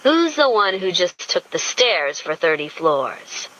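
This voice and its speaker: A woman narrator voicing a confident male billionaire playboy who speaks low and flatly. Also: unhurried, lo-fi sound. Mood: teasing. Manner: low murmuring, flat and teasing.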